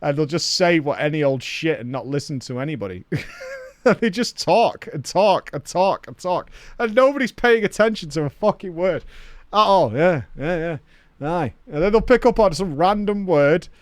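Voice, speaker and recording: A man's voice: high-pitched, dry recording, studio quality. A man with a Northern English accent, chatting casually as he streams a game, swearing freely and rambling in banter. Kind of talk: casual live-stream commentary.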